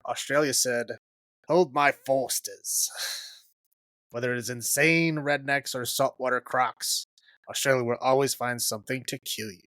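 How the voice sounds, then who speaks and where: A man's voice: medium pitch, pushed and bright, no echo. A man hosting a casual horror podcast, chatting with a co-host and laughing often as he trails off mid-thought.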